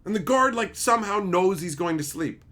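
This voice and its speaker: Talking at normal speed in a high-pitched voice, a livestream host reads chat and chats with viewers. He gets animated ranting about plot holes in shows, swearing freely and mocking gaps in logic.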